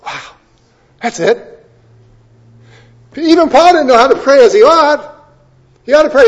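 A man preaching a sermon in a conversational, expressive way, moving from loud emphasis to quiet asides. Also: high voice, normal speed, long pauses, muffled recording. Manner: conversational, expressive preaching with wide swings in loudness. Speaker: pastor.

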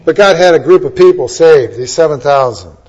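A male preacher with a fairly high voice delivers a brisk sermon full of lively, emphatic storytelling. The recording quality is dull and lo-fi.

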